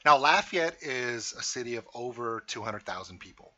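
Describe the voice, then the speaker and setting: A man's voice: medium pitch, animated, normal speed, pushed and bright, muffled recording. A man from Louisiana hosting a reaction video, giving emphatic casual commentary with rhetorical questions.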